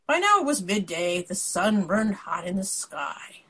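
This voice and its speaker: Woman, husky, lively pitch, storybook read-aloud, casual asides. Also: a little slow, low-quality recording. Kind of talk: reading a picture book aloud.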